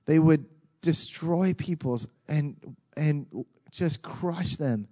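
A man preaching a sermon as a pastor in a conversational, animated way with frequent restarts. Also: fairly high pitch, slow.

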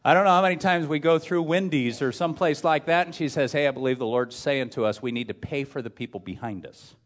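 A middle-aged man, a pastor, preaching a sermon with personal stories and dry self-deprecating humor, dropping from loud points to hushed tender moments. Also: a little high, fast.

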